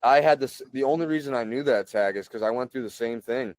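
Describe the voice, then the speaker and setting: A man in his thirties, a podcast guest, talking in a relaxed, chatty way full of "like" and "you know" and clearing his throat often. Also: mid-range voice, a little fast. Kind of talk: casual conversational storytelling.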